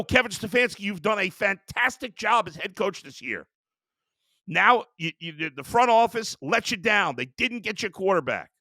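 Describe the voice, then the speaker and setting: A man's voice: high-pitched, sharp tone, no room sound, studio quality. A man hosting a sports show, ranting in a heated, exasperated way about his team. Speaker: sports talk host. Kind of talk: sports rant.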